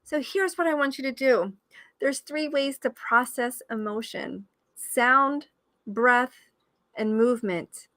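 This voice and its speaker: A woman's voice: slow, fairly bright tone, no echo. Upbeat woman coaching a live session. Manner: enthusiastic, bursts into high whoops and cheers; coaxing guided-exercise delivery. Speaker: life coach.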